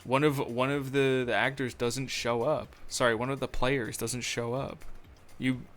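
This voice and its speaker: A man's voice: medium pitch, little pitch movement, unhurried, fairly bright tone. A young man chatting casually on a live stream, rambling and joking at his own expense with lots of fillers. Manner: rambling, self-deprecating, filler-heavy. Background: faint music.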